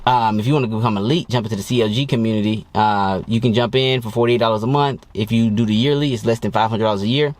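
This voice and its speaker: A dating coach talking to camera in a blunt, profane and boastful way, in a casual monologue. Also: male voice, lowish voice, fairly even intonation, fast talker, few pauses.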